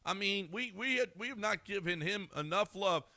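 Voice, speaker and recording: Animated, bright-voiced sports radio host. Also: male voice, high-pitched, moderate pace, no echo. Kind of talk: morning sports radio chat.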